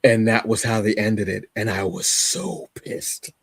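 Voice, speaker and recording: Man, podcast co-host, low pitch, dry sound, rambling, enthusiastic, casual comic review. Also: wildly swooping pitch, measured pace, creaky, breathy edge, no room sound. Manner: rambling, enthusiastic, many fillers and restarts.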